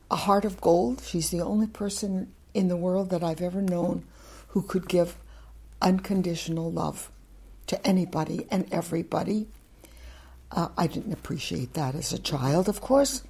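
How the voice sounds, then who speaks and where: Brief: older woman interviewee, low gravelly husky voice, chatty and outspoken, rambling stories. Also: mellow. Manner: talkative, frank, wandering anecdotes. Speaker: interviewee, former German teacher. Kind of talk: oral history storytelling.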